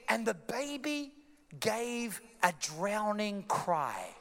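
Impassioned pastor preaching in a hall. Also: male voice, sits high, sing-song, slow pace, vocal fry, a little hiss or hum. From Australia. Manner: impassioned preaching, rising to shouts. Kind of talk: sermon. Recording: echoey hall reverb.

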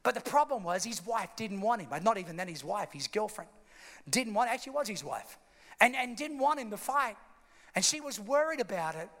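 High-voiced dramatic preacher man. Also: animated, fairly quick, a bit bright. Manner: dramatic, emphatic, acts out scenes. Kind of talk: sermon storytelling. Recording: long hall reverb.

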